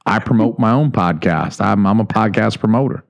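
A man with a fairly low voice co-hosts a casual podcast. He riffs with crude humor and slips into mock-preachy bits. His delivery stays loose and conversational. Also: lively intonation, normal speed, vocal fry, muffled recording. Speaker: podcast co-host.

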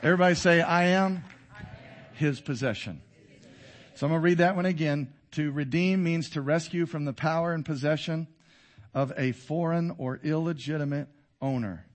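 A man in his fifties preaching a sermon to a congregation, swinging between loud exhortation and quiet intensity. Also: a little high, moderate pace. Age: 50s. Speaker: pastor. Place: church before a congregation.

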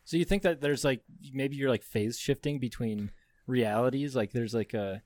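Male podcast co-host, mid pitch, dry recording, casual and inquisitive. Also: a little mellow, dry recording. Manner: quick reactions, curious questions. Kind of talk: casual chat.

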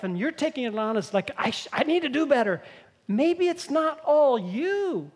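A pastor giving a conversational sermon, explaining scripture and acting out the scenes. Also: mid-range voice. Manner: conversational, explanatory preaching with acted-out quotes.

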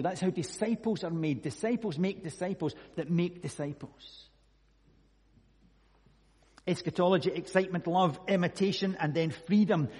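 A man's voice: a little high, a little mellow, breathy edge, long reverb tail. A Scottish man preaching a sermon, telling a personal story earnestly and reading scripture. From Scotland.

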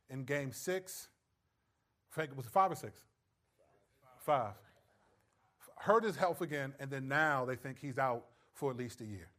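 A man's voice: a little high, a bit bright. A man preaching a sermon in a conversational way, checking in with listeners. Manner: conversational, checks in with the audience often. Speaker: pastor.

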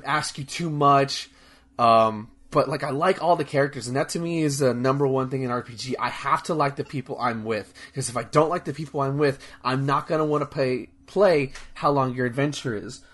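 A young podcast host chats casually, rambling and enthusiastic, full of fillers, restarts, and swearing. His voice is medium in pitch and a little bright.

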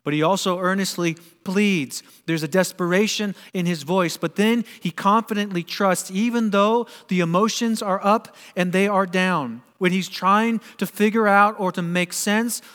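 A pastor delivering a sermon, preaching earnestly and emphatically and asking rhetorical questions. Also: male voice, high voice, steady tone, moderate pace, hardly any pauses, fairly bright tone. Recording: long reverb of a large hall.

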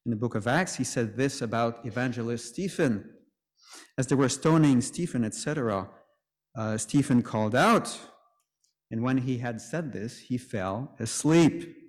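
A male preacher gives a sermon in an easy, conversational manner and slips in joking asides. His voice sits at a middle pitch. A long church reverb trails every phrase. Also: moderate pace.

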